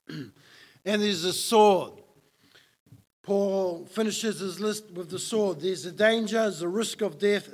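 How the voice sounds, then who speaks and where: Slow, high-voiced preacher. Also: male voice. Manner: emphatic, repeats key lines for effect. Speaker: pastor. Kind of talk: sermon.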